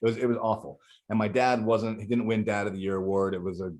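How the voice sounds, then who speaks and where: A man's voice: lowish voice, little pitch movement, quick pace, darkish tone. A middle-aged man talking as a podcast guest, telling a candid personal story in a rambling, profane way with many restarts.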